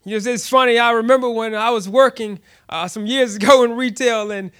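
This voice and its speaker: A man preaching a sermon, telling a personal story with frequent laughter and animated, repeated restarts. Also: very high voice, brisk, clean tone. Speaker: pastor.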